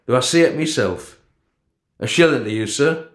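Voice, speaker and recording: A jovial middle-aged butcher, as a male narrator puts him on. He banters breezily over the counter, pitched brighter than the narrator. The reading has an echoey room sound. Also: animated, moderate pace, lightly acted. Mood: chummy. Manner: breezy, chummy shop banter.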